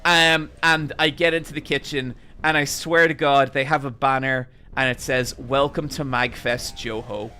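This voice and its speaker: A man streamer telling a long anecdote to his chat, animated and casually swearing as he rambles. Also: fairly high pitch, moderate pace, hardly any pauses, slight background noise.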